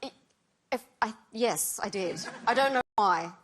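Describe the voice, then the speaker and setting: A woman's voice: mid-range voice, expressive, unhurried, fairly bright tone, breathy edge. A woman, a singer guest on a chat show, talking in a bubbly way about her music. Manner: bubbly, laughing.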